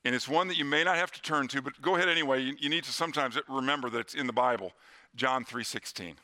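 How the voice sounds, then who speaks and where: A middle-aged man preaching a sermon in a church, earnest, slowing down and dropping to a hush on key lines. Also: medium pitch. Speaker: pastor.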